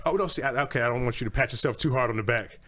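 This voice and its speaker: A man's voice: medium pitch, racing, fairly bright tone. A man co-hosting a podcast, teasing and laughing in casual banter. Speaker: podcast co-host. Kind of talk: casual chat.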